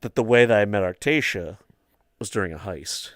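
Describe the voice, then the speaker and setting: A man's voice: on the low side, animated, moderate pace, dry recording, studio quality. A young man hosting a livestream chat, telling long rambling stories full of "like" and "um". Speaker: livestream host. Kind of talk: casual storytelling chat.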